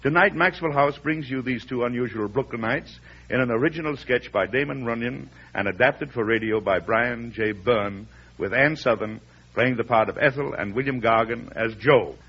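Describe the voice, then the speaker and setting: A man's voice: mid-range voice, normal speed, husky. A man announcing in formal, declamatory style for a 1930s radio show. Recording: dull old radio with faint hum.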